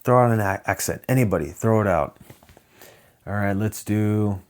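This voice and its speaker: A man's voice: fairly low pitch, normal speed, darkish tone. A man from Southern California hosting a solo podcast, rambling and hesitant, with many ums and restarts. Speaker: podcast host. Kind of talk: casual solo podcast chat.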